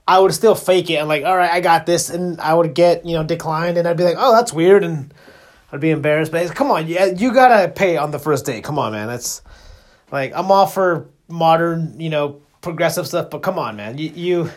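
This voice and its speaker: A young man chatting alone on his podcast, loose and joking. His voice sits a little higher than most men's. He rambles, restarts his sentences and leans on fillers. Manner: laid-back, joking. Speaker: podcast host. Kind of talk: casual solo podcast monologue.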